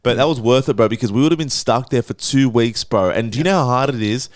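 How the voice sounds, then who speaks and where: Fast-talking man telling a story. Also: mid-range voice, dry recording, clean studio sound. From Australia. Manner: swears freely, animated retelling with voiced quotes. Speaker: podcast host. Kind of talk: casual storytelling.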